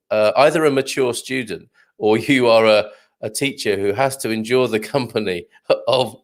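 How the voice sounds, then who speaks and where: A man hosting a live morning show, reading viewer comments aloud and joking with many fillers and chuckles. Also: medium pitch. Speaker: show host.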